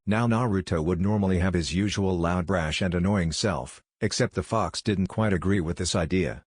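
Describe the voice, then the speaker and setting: A man narrating a fan fiction story in a flat, even reading voice. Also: sits low, moderate pace, few pauses, husky, no echo, studio quality.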